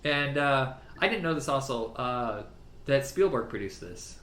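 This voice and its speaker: Animated, swearing man in a roomy space. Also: mid-range voice, a little slow. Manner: animated, swears freely, laughs often. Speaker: podcast co-host. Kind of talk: casual film chat. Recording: roomy with faint background noise.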